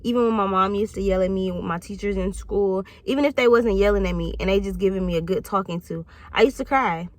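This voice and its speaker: A woman's voice: medium pitch, quick pace, hardly any pauses, dry recording. Woman, 30s, vlog host, candid monologue, profane, reflective, dry sound. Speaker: channel host.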